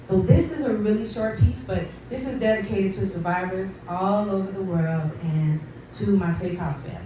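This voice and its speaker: A woman's voice: medium pitch, moderate pace, warm tone, far from the mic. A woman performing her own spoken-word poetry at a lounge event, with rhythmic, emphatic declamation that rises in intensity. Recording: very echoey room recorded from afar, faint noise.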